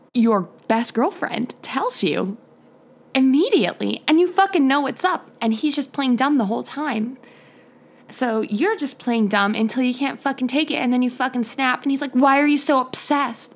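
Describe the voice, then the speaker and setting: A young woman hosting her own podcast, ranting bluntly and heatedly, swearing in nearly every sentence. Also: high-pitched. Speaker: podcast host. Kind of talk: profane solo podcast rant.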